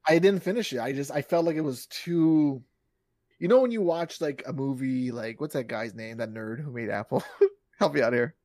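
A man's voice: mid-range voice, normal speed, darkish tone, dry recording, studio quality. A man in his thirties, a podcast co-host, chatting casually and animatedly, acting out quotes and laughing often. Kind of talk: casual chat.

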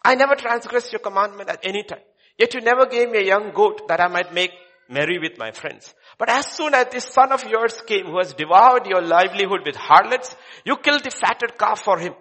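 A man's voice: high-pitched, lively intonation, brisk, bright, forceful tone, big-room sound, pitched above the performer's own voice, heavily acted. A man voicing a resentful elder brother complaining to his father. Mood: indignant. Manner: indignant complaining.

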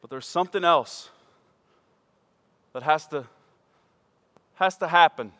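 A man preaching a sermon to his church, swinging from loud emphatic peaks to quiet low asides. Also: slow. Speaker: pastor. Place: church sanctuary. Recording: church hall with long reverb.

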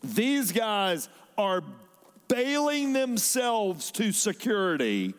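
A man preaches from the pulpit in a high voice. His delivery swings from loud emphasis to sudden soft drops. Long reverb rings through the large church hall around him. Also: very animated, drawn-out words. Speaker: pastor. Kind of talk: sermon.

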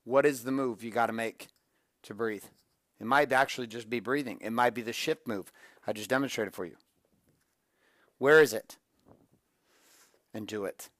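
A man's voice: mid-range voice, normal speed, pauses often, a bit bright, dry recording, studio quality. A man hosting a motivational talk, coaching listeners through breathing and counting out drills with energy. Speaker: motivational podcast host.

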